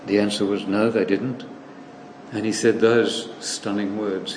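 A man preaching a sermon, slow and deliberate, repeating phrases for emphasis. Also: fairly low pitch. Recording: echoey hall, slightly distant, faint room noise.

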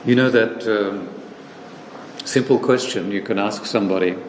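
A man preaching a sermon, slow and deliberate, repeating phrases for emphasis. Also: on the low side. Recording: echoey hall, slightly distant, faint room noise.

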